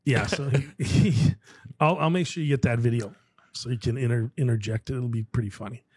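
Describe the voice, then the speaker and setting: A man with a slightly husky voice, recorded close and dry, chats casually. He retells everyday moments by acting out who said what. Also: mid-range voice, brisk, darkish tone, no room sound. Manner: chatty storyteller, acts out dialogue. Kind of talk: casual chat.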